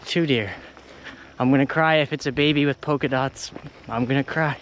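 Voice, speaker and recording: A man's voice: mid-range voice, steady tone, normal speed, a bit bright, slight background noise. A young man vlogging casually while hiking outdoors on a rural trail, rambling and easily delighted, talking into a handheld camera. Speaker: thru-hiker vlogger.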